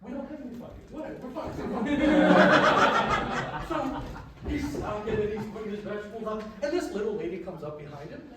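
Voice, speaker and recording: A man from a small comedy troupe works a live crowd, teasing them and spinning a crude supermarket joke. His voice sits high, and it comes from well away from the mic. The hall echoes heavily around him. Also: lively intonation, moderate pace, heavy background noise. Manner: crude, playful crowd banter. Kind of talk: live stand-up storytelling. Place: large hall with a live audience. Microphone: far from the recording mic. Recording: echoey hall recorded from far off.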